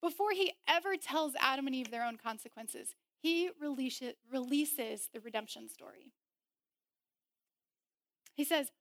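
A young woman preaching a sermon, animated and laughing often as she acts out voices in quotes. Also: high-pitched, measured pace, no room sound, clean studio sound.

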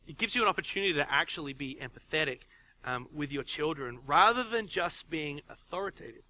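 Bright-voiced man preaching conversationally. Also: fairly high pitch, animated, brisk, a little hiss or hum, low-quality recording. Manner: conversational, repeats and restarts words, acts out quoted parents. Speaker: pastor. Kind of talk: sermon.

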